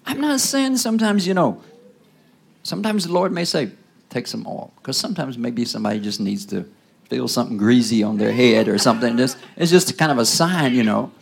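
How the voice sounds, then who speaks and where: A man preaching a sermon in a loose, conversational style, tossing asides to the congregation and swinging between loud bursts and near-whispers. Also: mid-range voice, animated, brisk, vocal fry, slightly rough. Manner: call-and-response asides, rising to loud bursts then dropping to whispers.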